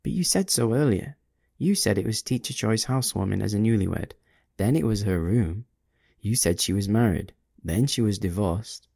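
A man voicing a frightened, confused woman teacher who insists shakily on what she heard, higher than his own voice. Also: lively intonation, moderate pace, vocal fry, mellow, breathy edge, no echo, clean studio sound. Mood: confused, insistent. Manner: trembling yet insistent.

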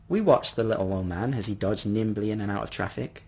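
Husky expressive male storyteller. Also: fairly low pitch, brisk. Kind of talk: first-person story narration.

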